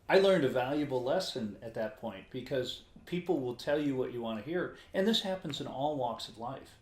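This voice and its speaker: A man's voice: mid-range voice, animated, normal speed, roomy sound. A man co-hosting a podcast in casual chat, telling stories with a joking manner. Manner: storytelling, joking. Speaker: podcast co-host.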